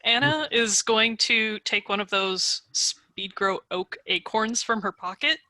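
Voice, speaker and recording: A player describes actions at a tabletop game, slowly and deliberately. The voice is very bright and sharp, and the pace is unhurried. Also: mid-range voice, no echo, low-quality recording. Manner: slow, deliberate action calls. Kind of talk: casual play talk.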